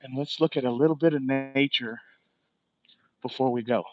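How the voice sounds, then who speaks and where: A man's voice: medium pitch, fairly even intonation, normal speed, dull audio. A man hosting a casual walking livestream outdoors on a residential street, rambling and swearing as he chats. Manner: rambling, profane, chatty. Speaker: livestream host.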